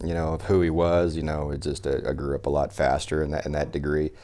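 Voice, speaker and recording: A man with a very low voice tells stories from his past on a podcast. He talks in a loose, animated way, swears freely and slips into the voices of the people he quotes. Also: fast talker, slight background noise. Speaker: survival instructor, podcast guest. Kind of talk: casual storytelling chat.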